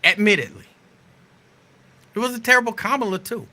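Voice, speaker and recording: Here is a man hosting a talk show in a loose, sarcastic monologue. His voice sits a little high and rings very bright and sharp. He keeps an animated, mocking rhythm as he picks at each point. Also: fairly quick. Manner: sarcastic, animated, riffing on the news. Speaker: show host.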